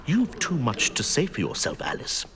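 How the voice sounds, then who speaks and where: A man's voice: medium pitch, wildly swooping pitch, normal speed, fairly bright tone, long reverb tail. An actor playing a pompous, fussy king who presides over a trial and dithers over his words. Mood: stern. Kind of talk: film acting.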